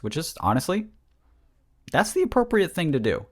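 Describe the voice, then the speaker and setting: A man's voice: mid-range voice, huge pitch swings, moderate pace. A man co-hosting a podcast in casual, crude, jokey chat, often restarting his sentences. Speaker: podcast co-host.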